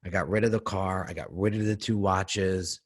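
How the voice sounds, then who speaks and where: Earnest low-voiced man telling his story. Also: steady tone, moderate pace. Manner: earnest, conversational, repeats words. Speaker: podcast guest. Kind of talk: personal storytelling.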